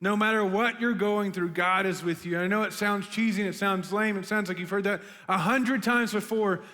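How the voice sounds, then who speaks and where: A man's voice: sits high, fairly quick. A young man giving a casual, chatty sermon to students, full of "like" and "right?", as a youth pastor. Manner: chatty and animated, lots of "like" and "right?". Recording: long hall reverb.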